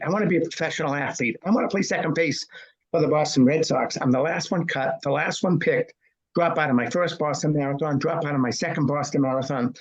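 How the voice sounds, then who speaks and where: A man in his sixties gives a punchy, storytelling interview and answers his own questions. His voice is husky and mid-pitched, and the audio is muffled and lo-fi. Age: 60s. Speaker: guest.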